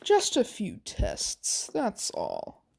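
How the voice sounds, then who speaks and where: A cruel male mad scientist who savors every word and gloats over his captive, as a woman puts him on. The lines come slow and stretched, an amateur fan story read aloud. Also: medium pitch, vocal fry, heavily acted. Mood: calm. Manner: gloating, drawn-out, rising to excited cries.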